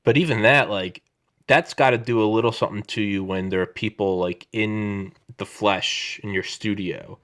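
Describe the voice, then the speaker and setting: A man's voice: on the low side, normal speed. A man in his thirties hosting a podcast, chatting casually over a video call on his own microphone, rambling and swearing as he tells stories. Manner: rambling, profane, animated storytelling. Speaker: podcast host. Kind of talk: casual chat.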